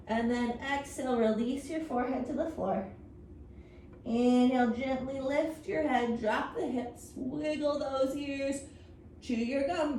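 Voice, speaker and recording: In a roomy, distant recording with faint noise, a kids' yoga instructor runs a story time in a high, darkish-toned voice at an unhurried pace. She's playful and encouraging, adding silly animal noises as she goes.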